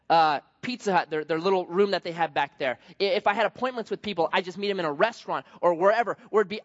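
A man delivers a casual, joking sermon, his voice rising and falling with lively swings. He sounds a touch high for a man, and the dull recording carries a long hall echo. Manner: conversational and jokey, with many restarts. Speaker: preacher.

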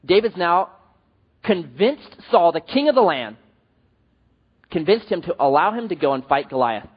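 Animated, high-voiced male preacher. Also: moderate pace, breathy edge. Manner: animated, joking storyteller. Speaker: pastor. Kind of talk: sermon. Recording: dull sound, long hall reverb.

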